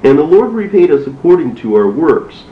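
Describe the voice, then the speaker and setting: A man's voice: on the high side, sing-song, normal speed, pitched above the performer's own voice. A man voicing a band of frightened brothers who plead for mercy, reading a storybook in a fearful, begging way. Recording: roomy, dull, faintly noisy.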